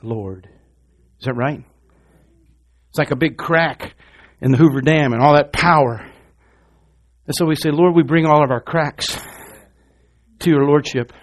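In a church, a middle-aged man delivers a sermon as the pastor, asking questions of his congregation. His delivery swings from loud and rousing to quiet and low.

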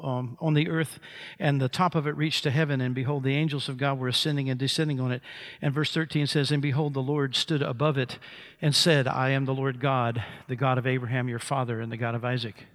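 A man's voice: on the high side, a bit bright. A pastor preaching a sermon, acting out the scripture dialogue with big swings in his voice.

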